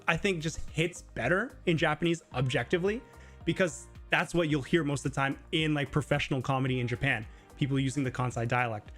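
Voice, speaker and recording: A man's voice: fairly high pitch, a bit bright. A man hosting a casual live Q&A stream, explaining Japanese in a chatty way full of filler words. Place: living in Japan.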